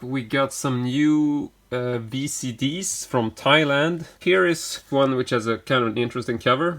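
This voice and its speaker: Male vlogger, average pitch, relaxed and rambling collector who keeps correcting himself. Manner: rambling, filler-heavy, self-correcting. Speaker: collector showing his collection. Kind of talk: casual collection vlog.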